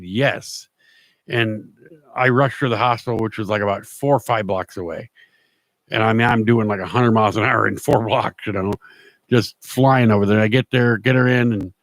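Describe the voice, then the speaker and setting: A man's voice: fairly low pitch, fairly bright tone, dry recording. A middle-aged man hosting his own show, telling a personal story in a rambling, plain-spoken way with many restarts. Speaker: show host. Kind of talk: casual storytelling monologue.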